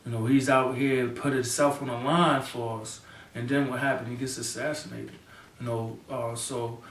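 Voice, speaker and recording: A man, a local party chairman, giving an impassioned spoken statement in a fervent, repetitive way, often adding "you know what I'm saying.". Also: medium pitch. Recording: roomy echo, mic at a distance.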